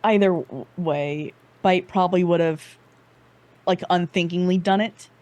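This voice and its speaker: A woman's voice: lowish voice, measured pace, a little mellow, muffled recording. A woman playing a tabletop roleplaying game, retelling moments with laughter and lots of "like". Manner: laughing, filler-heavy storytelling. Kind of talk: casual chat.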